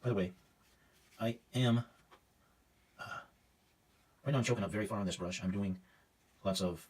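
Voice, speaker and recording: Deep-voiced man painting and talking. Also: unhurried, darkish tone, slightly rough, distant mic. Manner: self-critical, thinking aloud while painting; casual, hesitant with fillers. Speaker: art teacher. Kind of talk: live painting demonstration.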